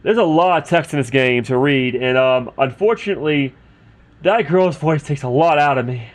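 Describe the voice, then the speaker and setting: Here a man with a fairly high voice talks at a moderate pace while playing a role-playing game on stream. He's chatty, addressing his chat as he reads the game's text aloud in casual commentary.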